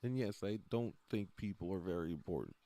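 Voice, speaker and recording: A man's voice: low-pitched, lively intonation, fairly quick, mellow. A man talking casually on a livestream, rambling, often trailing off and laughing between thoughts. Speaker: livestream host.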